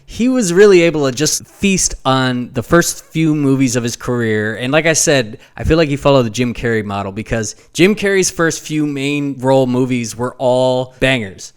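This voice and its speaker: A man co-hosting a casual podcast, talking at length and breaking into goofy high impressions now and then. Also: moderate pace, few pauses, clear, resonant tone. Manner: animated storyteller who breaks into goofy sung impressions. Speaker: podcast co-host. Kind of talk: casual chat.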